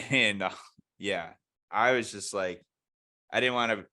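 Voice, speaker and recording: Bright-voiced man retelling scenes, swearing. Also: fairly low pitch, unhurried. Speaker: podcast co-host. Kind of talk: casual chat.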